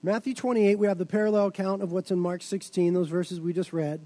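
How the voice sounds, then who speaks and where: Pastor, male, very high pitch, emphatic preacher who climbs to shouting. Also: flat delivery, brisk. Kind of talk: sermon.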